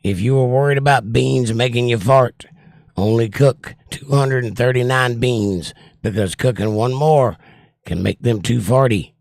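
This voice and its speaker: A man with a gravelly, creaky voice hosts a relaxed livestream chat, reading out comments and joking along. He sounds strained and winded as he talks. The sound is close and dry, with no room around it. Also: medium pitch, unhurried, no echo. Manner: reads viewer comments aloud and jokes back. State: short of breath, voice strained. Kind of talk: casual chat.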